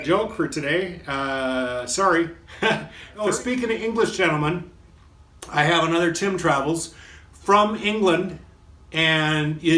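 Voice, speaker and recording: A man's voice: fairly high pitch, sharp tone, a little hiss or hum. A man hosting a casual pub chat, telling jokes in a rambling, folksy, self-deprecating way. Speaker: host. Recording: echoey room with faint guitar.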